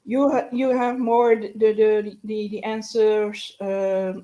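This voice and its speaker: A woman hosting a live news and Q&A stream, halting and stumbling often as she complains in exasperation. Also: mid-range voice, level tone, mellow, dull audio.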